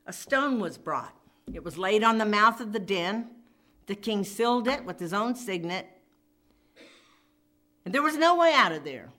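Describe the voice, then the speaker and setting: A woman's voice: medium pitch, expressive, a little slow, pauses often, sharp tone. A woman preaching a sermon, retelling a scripture story in an emphatic, dramatic way. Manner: emphatic, dramatic, acts out quoted voices.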